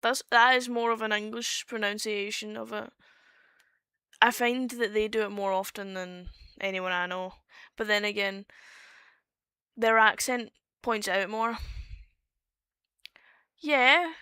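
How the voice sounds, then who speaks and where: A woman's voice: mid-range voice, fairly even intonation, a little slow, pauses often, bright, forceful tone, clear, resonant tone, no room sound. Chatty Scottish woman, dry close sound. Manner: chatty, explains with restarts and fillers. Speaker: streamer. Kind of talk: casual chat on a voice call.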